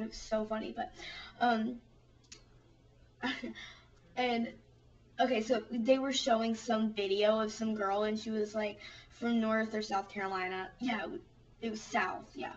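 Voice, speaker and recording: Rambling, giggly young woman on a far-off mic. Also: fairly high pitch. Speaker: vlogger. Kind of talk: casual storytelling. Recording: distant, dull lo-fi home recording.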